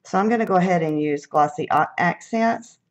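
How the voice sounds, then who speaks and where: A chatty middle-aged woman with a somewhat low voice talks through a live craft demo. She thinks aloud as she works and laughs off her own slips. Her tone stays friendly and unhurried. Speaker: craft demonstrator.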